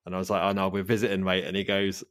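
Low-voiced London man hosting a podcast. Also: monotone, very fast, a bit bright, dry recording, clean studio sound. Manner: laid-back, sweary, rambling storytelling. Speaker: podcast host. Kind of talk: casual chat.

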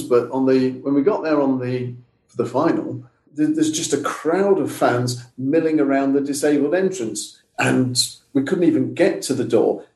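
A middle-aged man recounts events as a podcast guest, laying things out step by step. His voice is mellow and dark. The sound has a noticeable room echo. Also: medium pitch. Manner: steady, detailed storytelling. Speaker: guest, father of a wheelchair user.

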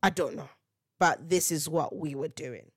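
Animated woman telling stories. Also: low voice, unhurried, slightly rough, dry recording, studio quality. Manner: animated storytelling, slangy, laughs often, acts out quotes. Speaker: podcast host. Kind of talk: casual solo podcast monologue.

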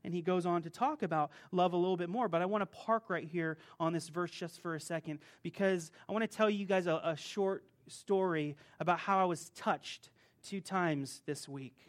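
A man's voice: high-pitched, normal speed. A man preaching a conversational sermon, telling a personal story and acting out the people in it. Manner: conversational, animated storytelling, acts out rude clerks. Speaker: pastor.

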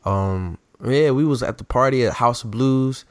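Animated young man telling stories. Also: medium pitch, moderate pace, no room sound. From the DMV area. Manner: animated, acts out quotes in raised voices. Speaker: podcast co-host. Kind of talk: casual storytelling chat.

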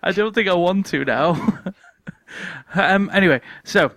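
A man's voice: sits high, unhurried, fairly bright tone, no room sound. A man co-hosting a casual podcast, telling stories and laughing often as he talks. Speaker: podcast co-host. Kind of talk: casual chat, storytelling.

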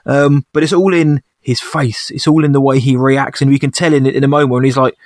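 A man's voice: medium pitch, steady tone, a little fast, darkish tone, dry recording, studio quality. A young man chatting casually as a podcast co-host, thoughtful and hesitant, often restarting his sentences. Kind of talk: casual chat reviewing a TV episode.

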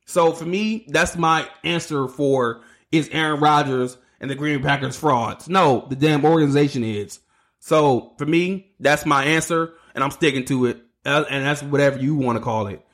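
A man with a somewhat high voice hosts a solo sports podcast. He rants with heat, swears freely and trips over his words as he gets worked up. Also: normal speed, fairly bright tone. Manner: heated, ranting, swearing, stumbling over words. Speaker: podcast host.

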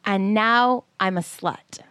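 In a mid-range voice, taking it slowly, a woman in her forties shares a personal story as a podcast co-host. Her delivery is casual and animated, with acted-out quotes and frequent fillers, and the sound carries no echo.

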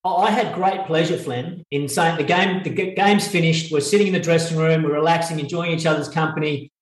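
A man with an Australian accent, a former cricketer, giving measured, thoughtful views in a casual podcast chat. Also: fairly high pitch, steady tone. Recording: roomy echo on the voice.

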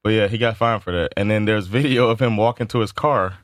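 A man's voice: on the low side, a little fast, no room sound, studio quality. A man co-hosting a podcast in casual chat, a laid-back storyteller who laughs often and uses lots of filler words. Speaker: podcast co-host.

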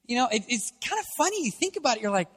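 A man preaching a sermon, moving from casual, conversational asides to loud, shouting exhortation. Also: very high voice, very animated, rapid-fire, husky. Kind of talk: energetic sermon. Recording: long hall reverb.

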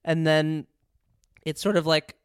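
A man's voice: fairly high pitch, level tone, slow pace, clear, resonant tone, no echo, clean studio sound. A young man co-hosting a casual chat, playful and teasing, laughing often. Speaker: podcast co-host.

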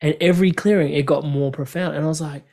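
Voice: mid-range voice, steady tone, fast talker, darkish tone. A podcast host chatting in an enthusiastic, rambling way and laughing often. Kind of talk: casual chat.

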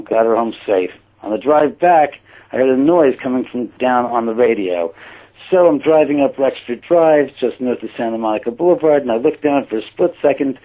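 A man casually telling a personal story, acting out his own quoted thoughts with lively shifts. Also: medium pitch. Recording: tinny phone-like line.

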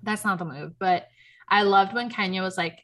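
A young woman hosting a casual chat, telling stories in an animated way, full of "like" and quick laughs. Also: mid-range voice, noisy background. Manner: animated storyteller, heavy on "like", laughs often. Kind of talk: casual chat recapping a reality show.

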